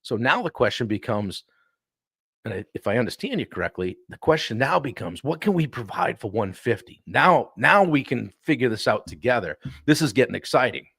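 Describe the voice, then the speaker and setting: A man hosting a live-stream coaching talk, animated and often clearing his throat. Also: medium pitch, brisk, no echo, studio quality. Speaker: sales coach and show host.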